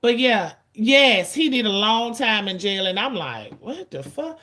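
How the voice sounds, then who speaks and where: A woman in her forties hosting a livestream, venting to her chat in a blunt, profane, rapid-fire way and stretching out the lines she wants to stress. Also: mid-range voice, animated, pushed and bright. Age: 40s. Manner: drawn-out emphatic lines. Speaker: livestream host. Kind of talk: casual ranting to chat.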